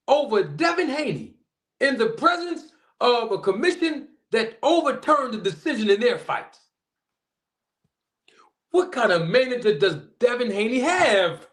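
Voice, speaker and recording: A man talking about boxing in a mocking, challenging way. His voice sits high and moves with lively rises and falls. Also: a little slow. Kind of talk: sports commentary.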